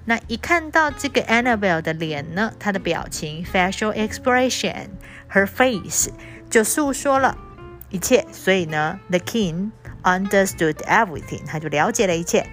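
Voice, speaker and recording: A woman's voice: medium pitch, lively intonation, normal speed, fairly bright tone, faint music behind. A woman reading a storybook aloud as an English lesson, spelling out words letter by letter and explaining them in two languages. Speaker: English teacher.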